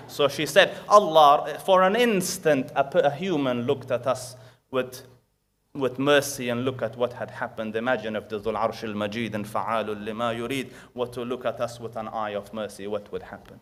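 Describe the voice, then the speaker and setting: A man's voice: mid-range voice, fairly even intonation. Man giving a storytelling Islamic lecture. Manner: rises loud for emphasis, drops soft for quoted prayers; recites Arabic verses quickly.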